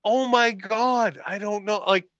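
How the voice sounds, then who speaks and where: A man's voice: sits high, measured pace, fairly bright tone, no room sound, muffled recording. A man co-hosting a casual movie podcast, ranting in exasperation with lots of stammered restarts. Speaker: podcast co-host. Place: room at home, late evening.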